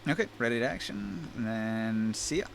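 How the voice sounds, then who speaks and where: A man's voice: mid-range voice, animated, moderate pace, creaky, slight background noise. A man running a tabletop game over voice chat, narrating in an easygoing, joking way. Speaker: game master.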